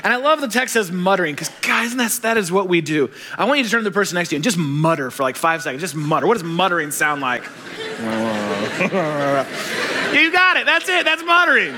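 A man preaching a sermon, animated and joking, acting out the voices of the people he quotes. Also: sits high, fast talker, few pauses, some chatter behind, a little hiss or hum. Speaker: pastor.

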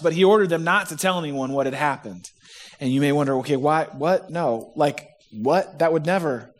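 A man preaching a sermon in a conversational, humorous way, acting out the quotes he reads. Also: high-pitched. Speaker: pastor.

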